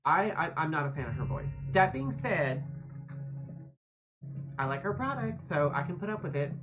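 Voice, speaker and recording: A woman's voice: sits low, expressive, normal speed, highs cut off, over music. A woman streamer giving casual gameplay commentary, rambling and sassy, swearing often.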